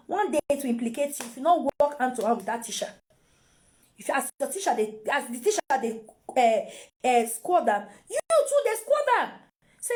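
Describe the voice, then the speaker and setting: Animated high-voiced Nigerian woman. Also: normal speed. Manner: animated, repeats phrases, mixes in pidgin. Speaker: mother giving parenting advice. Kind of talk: casual advice talk to camera.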